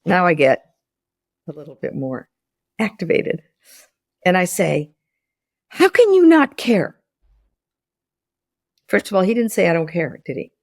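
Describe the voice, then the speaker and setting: Her voice is on the low side, at normal speed, and she pauses often, recorded in studio quality with no echo. A former business school lecturer in her sixties, she explains ideas in a podcast interview and tells anecdotes, animatedly acting out dialogue with repeated restarts.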